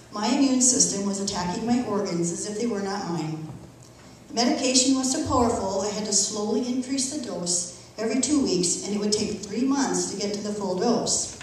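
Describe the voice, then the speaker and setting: A middle-aged woman earnestly reading her personal testimony aloud in a church, emotional but measured. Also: mid-range voice, darkish tone, a little hiss or hum. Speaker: church member giving testimony. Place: church sanctuary. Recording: echoey church from far off.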